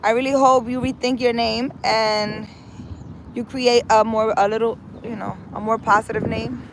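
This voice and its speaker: A woman's voice: on the high side, level tone, normal speed, vocal fry. A woman from New hosting a casual live stream, reading out viewer comments and answering them frankly, with lots of fillers. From United States. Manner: chatty, frank, talks straight to viewers with many fillers. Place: outdoors in a city. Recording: outdoor wind and traffic noise.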